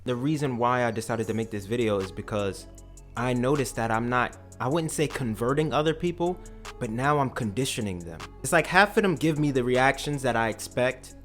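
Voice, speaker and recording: A man telling a comedic story with deadpan dark humor, sometimes mimicking coworkers in a high voice. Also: normal speed, faint music behind.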